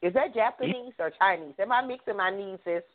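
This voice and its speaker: A woman's voice: mid-range voice, a little fast. A woman hosting a radio interview, chatty and curious, asking questions and correcting herself as she goes. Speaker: radio show host. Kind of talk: casual interview chat. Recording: tinny phone line.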